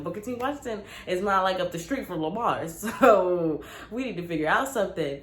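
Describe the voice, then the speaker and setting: A young woman vlogger telling a casual, animated story with lots of slang. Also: mid-range voice, normal speed. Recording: roomy with faint ambience.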